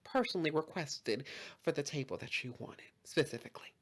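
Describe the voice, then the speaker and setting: A woman's voice: deep voice, expressive, brisk, breathy edge, pitched below the performer's own voice. A woman playing a snooty restaurant hostess, speaking with a fake French accent in a polite, evasive way.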